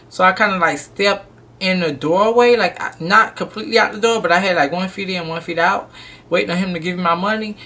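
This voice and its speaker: Blunt, animated young woman vlogger. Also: on the low side, fast. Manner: animated, blunt, emphatic storytelling. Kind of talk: storytime vlog.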